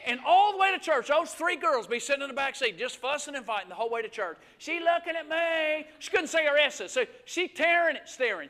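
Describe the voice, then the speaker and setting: A middle-aged man preaching a lively, emphatic live sermon in church, telling stories and calling for amens. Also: very high-pitched, fairly quick, hardly any pauses. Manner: storytelling, emphatic, call-and-response. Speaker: guest preacher. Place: church sanctuary.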